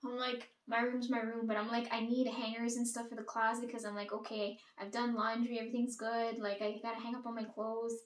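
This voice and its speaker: A woman's voice: a little high, little pitch movement, brisk, hardly any pauses. A young woman telling a rambling, casual story about her life, swearing freely and acting out what others said to her. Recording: roomy echo, distant from mic.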